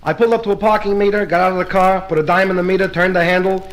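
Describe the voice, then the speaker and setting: Stand-up comedian, man with a high voice, brisk punchline-driven delivery at a live party. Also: little pitch movement, poor audio. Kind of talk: live stand-up joke telling.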